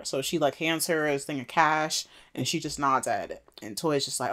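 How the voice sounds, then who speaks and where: A woman co-hosting a casual chat, retelling scenes with quick voices for the characters. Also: extremely low pitch. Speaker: podcast co-host recapping a TV episode.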